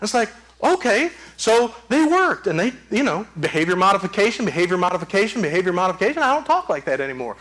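A man's voice: sits high, big pitch swings, fast, few pauses, fairly bright tone. A man preaching a sermon as pastor, emphatic, with repeated phrases. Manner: emphatic, repetitive preaching cadence.

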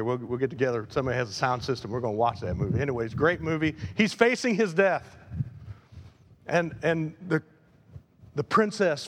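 A man preaching a sermon as pastor, animated, swinging between loud emphasis and quiet asides. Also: fairly high pitch. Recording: long hall reverb.

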